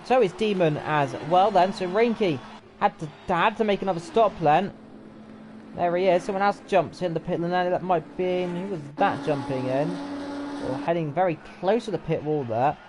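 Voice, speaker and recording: A man calls a sim race live, chatty and often unsure, stopping to correct himself. Game car engines roar loudly behind his voice. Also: sits high, normal speed, slight background noise. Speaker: race commentator. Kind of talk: live sim racing commentary. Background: racing game car engines.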